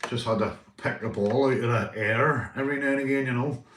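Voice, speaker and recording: A man's voice: medium pitch, a little fast, fairly bright tone, far from the mic. A Northern Irish man chatting casually to viewers on a live stream, rambling and swearing, calling everyone mate. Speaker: livestreamer. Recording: roomy, off-mic sound.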